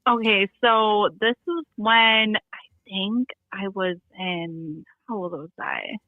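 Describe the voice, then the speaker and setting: A woman's voice: medium pitch, takes it slowly, dry recording, phone-quality sound. A young woman chatting casually, telling a story in a rambling way and laughing often. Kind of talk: casual chat.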